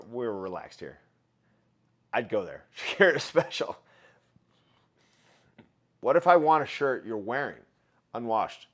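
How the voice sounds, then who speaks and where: Chatty laughing man hosting a livestream. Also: medium pitch. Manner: chatty, laughs often, reads chat aloud. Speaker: livestream host. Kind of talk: casual livestream chat.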